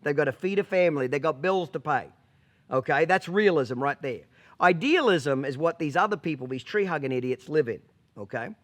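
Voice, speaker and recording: A man's voice: on the high side, lively intonation, a little fast. A man who trains horses, talking bluntly and with profanity to the camera, repeatedly checking "okay?". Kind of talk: casual monologue to camera.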